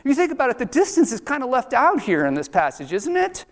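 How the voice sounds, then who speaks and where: Man, sermon, animated and chatty, swooping pitch, long hall echo. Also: fast talker. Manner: animated and chatty, acts out the voices in the story. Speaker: preacher. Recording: long reverb of a large hall.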